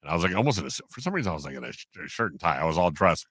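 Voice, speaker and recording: A man, a sports broadcaster on a podcast, telling stories in an animated way and acting out the quotes. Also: low voice, rapid-fire, no echo, studio quality. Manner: animated storyteller, acts out quotes, laughs often. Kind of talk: casual storytelling in an interview.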